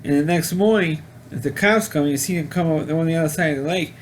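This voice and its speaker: Male film reviewer, higher-pitched, halting and rambling casual delivery. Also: a little hiss or hum. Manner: rambling, halting, with frequent restarts. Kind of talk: casual spoken movie review.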